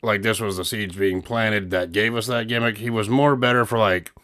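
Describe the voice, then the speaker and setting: Low-pitched male co-host, dry close mic, joking and teasing, laughs a lot. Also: steady tone, normal speed, fairly bright tone, no room sound. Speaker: co-host reviewing wrestling. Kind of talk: casual podcast chat.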